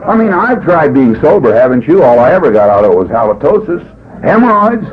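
An older man telling his story at a meeting, folksy and jokey, his pitch swooping up and down as he acts out the scenes. The sound is dull and lo-fi, with a faint hiss under it. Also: big pitch swings, a little fast. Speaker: recovery meeting speaker.

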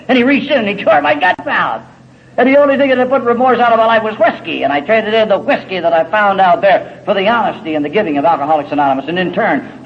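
A middle-aged man speaking at a recovery meeting, telling his story in a folksy, salty way with wry humor. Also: a little high. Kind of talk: personal testimony talk. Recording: dull lo-fi recording with faint hiss.

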